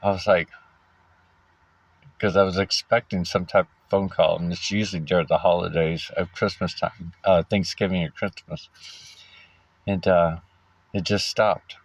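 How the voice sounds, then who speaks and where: Low-pitched man, casual personal storytelling, halting with ums and restarts, dull lo-fi sound. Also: fairly even intonation. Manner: halting, frequent fillers and restarts, wry laughs. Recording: dull lo-fi recording.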